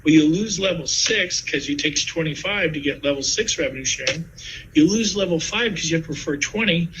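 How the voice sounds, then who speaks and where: A man in his fifties giving a sales pitch to fellow real estate agents, telling stories with lively asides. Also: fairly quick, background noise. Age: 50s.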